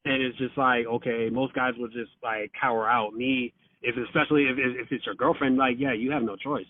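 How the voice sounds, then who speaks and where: A man's voice: medium pitch, fairly even intonation, a little fast, no room sound. A man in casual storytelling over the phone, swearing freely, using lots of fillers and acting out quotes. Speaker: podcast guest. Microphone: phone call. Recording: tinny dry phone line.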